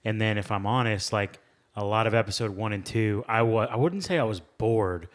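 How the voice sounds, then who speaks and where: A man's voice: on the low side, normal speed. A man co-hosting a podcast, giving candid opinions in a laid-back casual chat. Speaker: podcast co-host.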